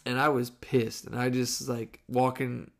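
A man in his thirties tells a story on his podcast, loose and profane, with a mid-range voice. He is lively and drops swears freely, and he acts out what people said in the story. He sounds like he is chatting with friends. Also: medium pitch, measured pace, creaky. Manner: animated, profane storytelling with acted quotes. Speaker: podcast host. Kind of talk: casual storytelling.

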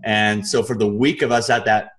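A man as an interview guest, telling a casual, animated story in loose, colloquial speech with some swearing. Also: on the low side, normal speed. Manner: animated, acts out his own quoted thoughts.

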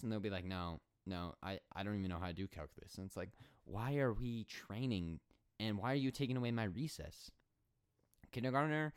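A man's voice: lowish voice, clear, resonant tone. A man of twenty hosting a solo podcast, telling a story in a rambling, sarcastic way with many fillers. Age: 20s. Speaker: podcast host.

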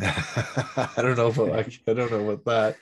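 A man hosting a podcast in casual chat, upbeat and quick to laugh. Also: medium pitch, steady tone, a little hiss or hum. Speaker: podcast host.

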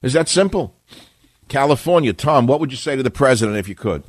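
A man's voice: mid-range voice, lively intonation, brisk, a little hiss or hum. An older man hosting a call-in talk radio show, speaking in a combative, opinionated way with rambling asides.

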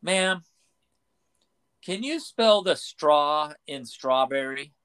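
A man voicing an exasperated male ice cream counter clerk in a told joke, pitching his voice up. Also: expressive, slow pace, fairly bright tone, smooth. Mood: patient.

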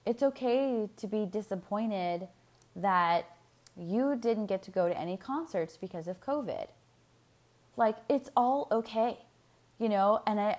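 A young woman hosting her own podcast, talking candidly in a casual solo monologue, swearing freely and filling her talk with "like" and laughs. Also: mid-range voice. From United States. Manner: candid, profane, animated, with frequent fillers and laughs. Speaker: podcast host.

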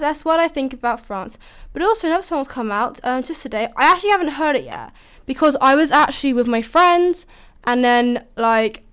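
Bubbly podcast lady, kinda high, smooth clear voice, gushes a lot. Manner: bubbly and gushing, many fillers. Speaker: podcast host. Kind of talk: casual solo podcast chat.

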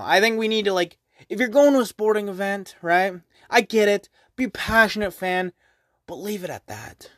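A man's voice: high-pitched, a bit bright, no room sound, clean studio sound. A young man hosting a casual solo podcast, rambling and swearing, full of fillers. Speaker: podcast host.

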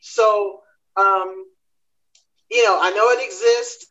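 A woman comedian talking through a panel discussion, telling her story in quick animated bursts. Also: medium pitch, dull audio.

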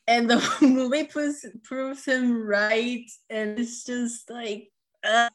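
A woman's voice: fairly high pitch, level tone, slow pace. A woman co-hosting a casual movie review chat, laughing often and switching between English and Spanish.

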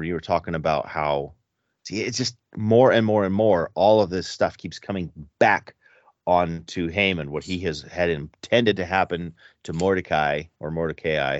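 A man with a very low voice talks through a Bible study in a casual, searching way, often halting and restarting his thoughts. The recording is dry and somewhat dull, with a lo-fi edge. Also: no room sound. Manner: thinking aloud, hesitant, many restarts.

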